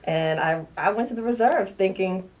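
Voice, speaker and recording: A woman's voice: medium pitch, moderate pace, a little mellow. A middle-aged woman from New Orleans with a New Orleans accent, a guest on a talk show, speaking candidly and with animation. She laughs often and restarts her sentences as she talks. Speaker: talk show guest, retired Army officer. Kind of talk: casual interview conversation.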